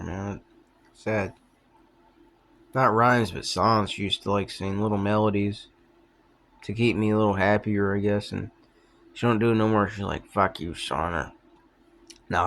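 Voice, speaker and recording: A man's voice: on the low side, a little hiss or hum. A young man rambling in a casual vlog monologue, trailing off often, with plenty of fillers and swearing. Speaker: vlogger.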